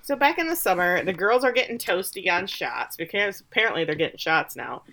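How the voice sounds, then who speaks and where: A woman co-hosting a podcast, recapping a TV episode in casual chat, chatty and quick to laugh, with lots of "like". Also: fairly low pitch, expressive, gravelly, sharp tone. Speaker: podcast co-host.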